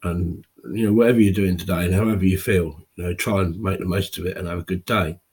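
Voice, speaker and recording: A tearful man in his fifties speaking a raw, halting personal monologue to camera, with pauses and restarts. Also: deep voice, fairly even intonation, a little mellow, slightly rough. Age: 50s. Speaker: video blogger.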